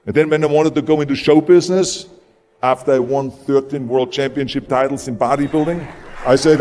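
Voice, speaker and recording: A man's voice: medium pitch, fairly even intonation, a little fast, darkish tone, a little hiss or hum. German-accented man giving a motivational speech. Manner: emphatic, repeats for punch. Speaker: motivational speaker. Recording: long hall reverb with music behind.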